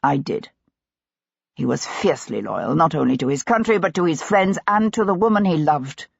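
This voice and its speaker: A woman voicing a cool, guarded male Russian colonel who answers in an evasive, measured way, in a dull, dry recording. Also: deep voice, expressive, creaky, slightly rough, no echo, full character voice.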